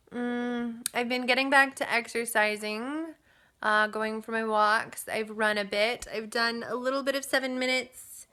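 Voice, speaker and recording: A young woman chatting casually as a vlogger about new motherhood, upbeat and relaxed with fillers and small laughs. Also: a little high. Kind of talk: casual chat. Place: home nursery.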